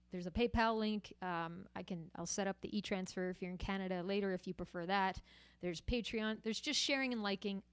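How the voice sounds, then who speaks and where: Woman hosting a livestream, chatty, smooth clear voice, dry close sound, mid pitch. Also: no room sound. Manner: chatty and friendly, with frequent fillers. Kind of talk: casual livestream chat to viewers.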